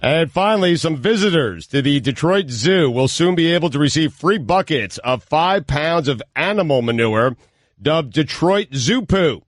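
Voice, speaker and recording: A man's voice: on the high side, lively intonation, normal speed, dry recording. A man co-hosting a sports radio show, reading briefs and trading dry jokes. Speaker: radio co-host. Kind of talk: casual sports radio banter.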